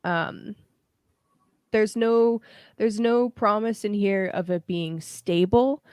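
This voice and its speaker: A young woman hosts a casual tarot livestream, talking straight to her viewers in a chatty, encouraging way. Her voice sits at an everyday middle pitch. The sound is dry and close, with no room around it. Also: takes it slowly, a little mellow, smooth, no room sound. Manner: chatty and encouraging, with frequent fillers and casual swearing. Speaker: tarot reader and livestream host. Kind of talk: casual livestream card reading.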